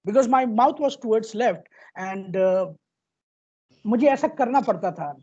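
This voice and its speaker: A high-pitched, husky Indian man delivers a heartfelt motivational talk. He tells his story earnestly and doubles back on his words now and then. The audio is dull and lo-fi, like an online session. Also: expressive, fast talker, dark tone. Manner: earnest storytelling, repeats words, mixes in Hindi phrases. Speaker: motivational speaker.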